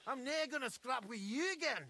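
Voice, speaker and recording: A gravelly Scottish brawler. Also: male voice, very high voice, lively intonation, fast talker, a crowd in the background. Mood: gruff. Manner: blunt, taunting. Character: gruff brawling male soldier who mocks newcomers.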